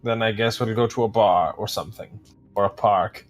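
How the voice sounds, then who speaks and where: A man playing a tabletop role-playing game, talking in a halting way as he thinks aloud. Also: on the low side, fairly even intonation, faint music behind. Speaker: player. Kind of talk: tabletop role-play chat.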